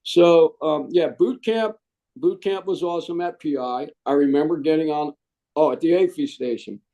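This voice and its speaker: An American Marine veteran tells his story in a casual interview, animated and loose, tossing "man" into his sentences and often starting over. His voice is fairly high and his pace moderate, though the high frequencies are cut off.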